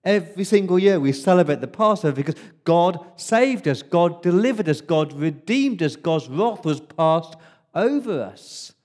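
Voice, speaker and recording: A preacher speaking as an Israelite firstborn remembering Passover night, telling it vividly in the first person. His voice sits a little high for a man and drops to a hush when the story turns dark. This is a dramatic monologue inside a sermon. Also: animated, moderate pace, lightly acted. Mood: exultant.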